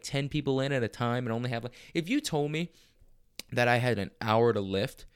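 A man's voice: mid-range voice, clear, resonant tone. A man in his twenties hosting a podcast, talking in a blunt, profane, rambling rant. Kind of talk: casual ranting monologue.

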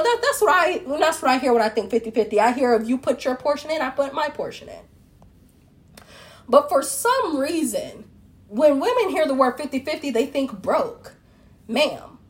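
Woman, fairly high voice, blunt opinion monologue, lots of rhetorical questions. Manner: opinionated, rhetorical questions, addresses listeners as ma'am. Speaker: relationship commentator. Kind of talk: casual opinion monologue to camera.

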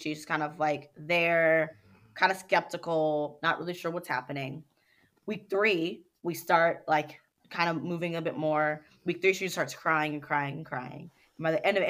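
Lively storytelling woman, lowish voice. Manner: animated storytelling, acts out quotes, laughs often. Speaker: dance company owner, guest. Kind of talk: casual interview chat.

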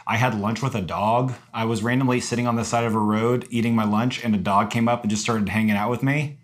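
A young man casually telling a hiking story to friends, lively and animated, jumping into high voices when he quotes himself. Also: fast. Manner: animated, acts out quotes with high-pitched apologies. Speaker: podcast co-host recounting a hike.

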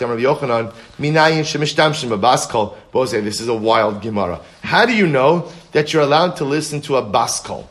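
Animated man teaching a Talmud class. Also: fairly high pitch. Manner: animated, repeats key phrases for emphasis. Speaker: Torah teacher.

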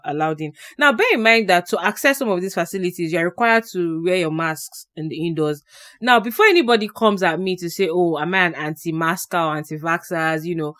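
A young woman co-hosts a casual podcast and talks at length, filling her sentences with ums and asides. Her voice sits a little low. The sound is dry and close. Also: fairly bright tone, no room sound. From Canada, living in Ontario. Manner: chatty, explains at length with many fillers. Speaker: podcast co-host.

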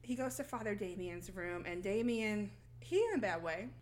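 A woman recaps a film in loose, conversational chat and slips into the characters' voices as she goes. Her pitch sits in the middle of the range. A faint hiss runs under the recording. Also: normal speed. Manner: animated storytelling, acts out characters' lines. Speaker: podcast co-host recapping a film. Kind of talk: casual chat.

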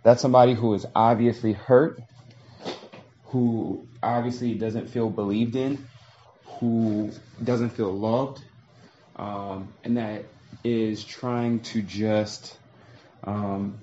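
A man's voice: fairly low pitch, steady tone, takes it slowly, mellow, highs cut off, a little hiss or hum. A man talking through a long, reflective monologue, casual and profane, acting out little voices as he tells a story.

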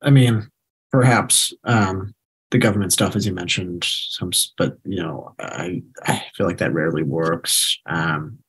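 Low-voiced man, slightly husky, hesitant. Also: a little slow, low-quality recording. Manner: hesitant, trailing off softly. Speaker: podcast co-host. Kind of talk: casual investing discussion.

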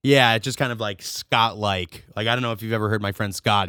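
A man's voice: fairly low pitch, fast, few pauses, pushed and bright, no room sound, clean studio sound. A young man co-hosting a podcast, teasing his friend in a playful, crude way. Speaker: podcast co-host. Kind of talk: casual banter.

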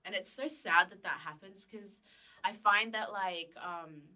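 A young woman chatting casually, often pausing to search for her words. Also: mid-range voice, pushed and bright, poor audio. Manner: hesitant, searches for words, many fillers. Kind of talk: casual chat.

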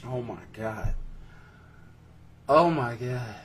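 A man's voice: medium pitch, very slow, a bit bright, far from the mic, slight background noise. Laughing, teasing male podcast host. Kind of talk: casual chat.

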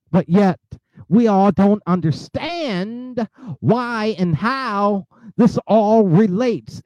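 A man's voice: a little high, no room sound, muffled recording. Outraged man ranting on his commentary show. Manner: angry, preachy, many filler uhs and restarts. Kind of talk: impassioned commentary.

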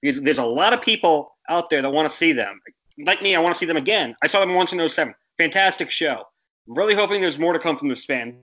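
A man's voice: a little high, lively intonation, fast talker, sharp tone. A young American man co-hosting a casual sports podcast, rambling and correcting himself, with exasperated rants. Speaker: podcast co-host.

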